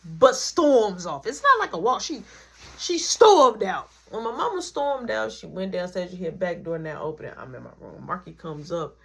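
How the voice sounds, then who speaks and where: Woman vlogger, storytime, slangy, swoops up and down in pitch as she acts out each person. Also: very animated, moderate pace, creaky, fairly bright tone, slightly rough. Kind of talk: casual storytelling.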